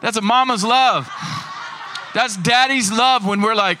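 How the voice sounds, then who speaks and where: A man preaching a lively sermon in a high, bright, forceful voice. He reads scripture aloud and acts out short bits of dialogue, sometimes rushing ahead and sometimes slowing right down. His delivery stays animated and emphatic throughout. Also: slight background noise. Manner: animated, fast and slow in turns, acts out voices.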